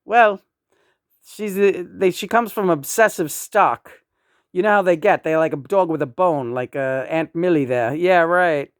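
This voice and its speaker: A woman's voice: fairly low pitch, a little slow, clean tone, no room sound, clean studio sound. A woman in her sixties chatting casually in a rambling, profane way, often breaking into chuckles. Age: 60s. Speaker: vlogger.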